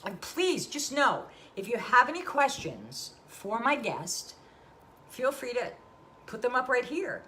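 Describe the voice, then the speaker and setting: A middle-aged woman hosts a live-streamed talk show in a high, bright voice. She talks effusively and greets her viewers one by one by name. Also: big pitch swings, a little slow, slight background noise.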